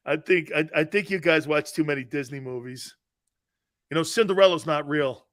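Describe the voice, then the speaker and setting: Male sports radio host, high and bright-toned, brash and argumentative, slangy banter. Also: a little slow, long pauses. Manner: brash and emphatic, slangy with frequent "man" and "dude"; argumentative, laughing off callers' views.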